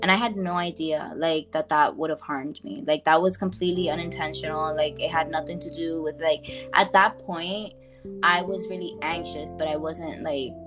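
A young woman casually telling a personal story to a friend on a podcast, animated and full of fillers, calling her listener "girl". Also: low voice, normal speed, over music.

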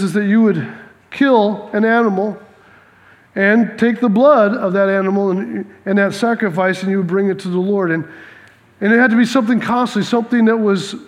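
A male pastor preaching an animated sermon, often repeating words and acting out dialogue. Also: high voice. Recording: long reverb of a large hall.

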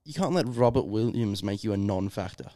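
An easygoing man co-hosting a sports podcast, often trailing off mid-thought. His voice is on the low side. The recording is dry and close. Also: animated, a little fast, dark tone, no room sound. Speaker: podcast co-host. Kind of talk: casual sports chat.

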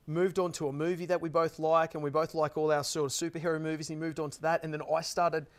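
Guy, slightly high, earnest rambling storyteller for a panel chat. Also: flat delivery, fast. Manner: earnest, rambling with many restarts. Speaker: panel guest. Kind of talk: heartfelt personal story in a group chat.

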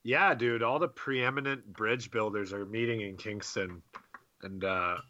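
A man's voice: lowish voice, a little slow, bright, forceful tone, muffled recording. A young man co-hosting a podcast, chatting in a laid-back, joking way and swearing casually. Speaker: podcast co-host. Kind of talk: casual chat.

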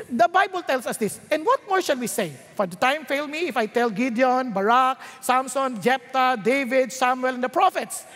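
Filipino woman preacher, lively, high-pitched, questions the crowd, echoey hall sound. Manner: animated, mixes English and Tagalog, asks the congregation rhetorical questions. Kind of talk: sermon. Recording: reverberant hall.

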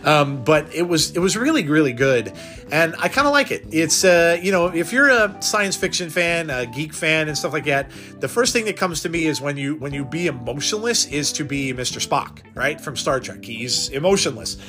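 A man's voice: fairly high pitch, big pitch swings, moderate pace, pushed and bright, faint music behind. A man hosting a solo podcast, talking off the cuff and rambling, with frequent restarts and repeated words. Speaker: podcast host. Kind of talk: unscripted solo podcast talk.

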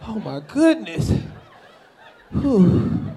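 A man doing profane live crowd-work comedy on stage, loud and laughing at his own jokes. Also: extremely high pitch, lively intonation, moderate pace. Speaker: stand-up comedian working the crowd. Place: live club show.

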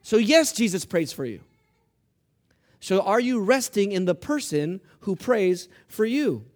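A man preaching a sermon as pastor, asking the congregation questions and answering them, swinging between hushed asides and loud emphatic repetition. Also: sits high, big pitch swings, a little slow. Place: church.

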